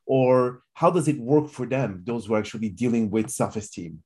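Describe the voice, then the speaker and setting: With a mellow, medium-pitched voice and normal speed, a male podcast host conducts a casual interview. His questions come out hesitant and full of fillers.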